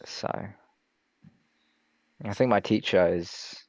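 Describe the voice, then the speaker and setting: Hesitant low-voiced man, dull call audio. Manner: hesitant, stumbling restarts and quick apologies. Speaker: flight student. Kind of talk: casual online lesson.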